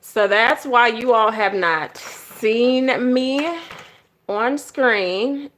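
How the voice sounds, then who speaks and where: A young woman chats with her viewers in a casual vlog, bright and forward in tone. She tells her story with animated energy, slipping into quoted voices and calling her audience y'all. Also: on the high side, extremely slow, a little hiss or hum. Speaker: journaling vlogger.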